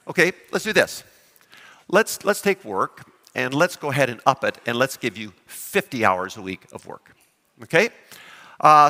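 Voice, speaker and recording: Guy pastor preaching, bouncy lively voice, bright tone, lots of hall echo. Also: a little high. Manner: animated, questions the congregation. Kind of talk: sermon.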